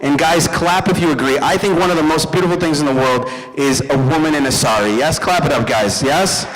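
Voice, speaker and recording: A young man doing a stand-up comedy set, telling animated stories and talking to the crowd. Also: a little high, a little fast, background noise. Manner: animated storytelling, addresses the crowd. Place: event hall stage. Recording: live hall with long reverb.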